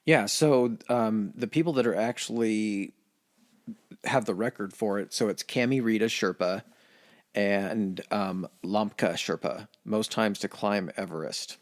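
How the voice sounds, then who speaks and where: A man's voice: on the low side, measured pace. A man co-hosting a podcast in casual chat, loose and profane, with lots of filler words. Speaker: podcast co-host.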